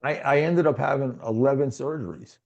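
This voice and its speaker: Animated New man telling a story. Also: medium pitch, brisk, gravelly, muffled recording. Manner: animated, acts out other people's lines, chuckles often. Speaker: guest telling his survival story. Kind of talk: casual storytelling.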